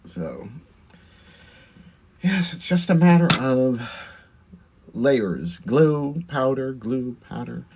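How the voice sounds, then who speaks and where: A man's voice: medium pitch, very animated, extremely slow, long pauses, a little hiss or hum. A man with a Long Island accent, a drag performer chatting through a livestream while doing his makeup, answering viewer comments and laughing often.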